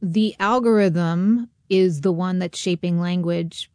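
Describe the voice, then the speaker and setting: A woman's voice: lowish voice, slow pace, warm tone, clean tone, no room sound. A woman radio host interviewing a guest, jumping in with curious follow-up questions. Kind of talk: interview conversation.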